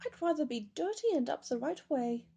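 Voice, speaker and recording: A woman voicing a tiny squeaky teddy bear. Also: very animated, unhurried, creaky, dark tone, dull audio, heavily acted. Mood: frightened. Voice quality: squeaky, small voice. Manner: high, cried-out exclamations. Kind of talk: storybook character voice.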